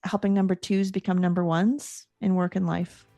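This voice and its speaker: A woman's voice: fairly low pitch, flat delivery, normal speed, mellow. A woman guest, a coach, giving earnest and reflective interview answers, sometimes searching for words.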